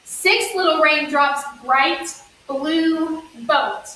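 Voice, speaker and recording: Speaking very slowly, in a high voice with a sharp tone, a woman leads children's story yoga by reading a counting story. Her delivery is a sing-song of encouragement dotted with playful sound effects, recorded at a distance in an echoey room with faint hiss.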